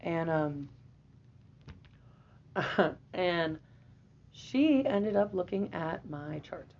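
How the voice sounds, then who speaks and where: A woman in her twenties, a podcast guest, telling a personal story in a lively, profane way and often laughing. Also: on the low side, drawn-out words, a little hiss or hum. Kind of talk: casual storytelling. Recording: dull lo-fi audio.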